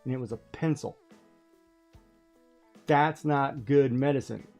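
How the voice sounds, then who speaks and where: Her voice is a rumbling low and a little mellow, and she speaks slowly with faint music in the background. As she plays a game on stream, she tells stories in a chatty way and laughs a lot.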